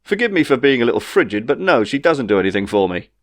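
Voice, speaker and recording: A man's voice: medium pitch, big pitch swings, quick pace, no echo, studio quality. A man voicing a gloomy, despairing man who talks in a whiny, sorrowful way in a storybook reading. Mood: dry.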